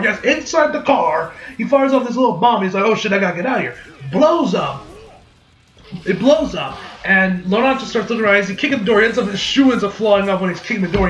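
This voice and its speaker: Casual male reviewer, high voice, loose and swearing, in a roomy echo. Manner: rambling, profane, acts out quotes in animated voices. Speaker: anime reviewer. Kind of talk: casual episode recap review.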